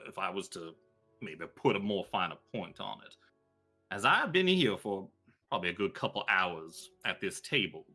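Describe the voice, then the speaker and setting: A man's voice: fairly low pitch, sharp tone. A man voicing a courtly, long-winded male author and part-time adventurer who talks in polite, flowery speech.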